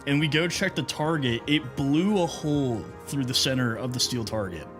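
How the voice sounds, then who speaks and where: Young male streamer, mid-pitch, chatty and rambling, music playing under him. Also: normal speed. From United States. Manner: chatty, rambling, greets viewers mid-story. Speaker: livestreamer. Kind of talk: casual storytelling to chat.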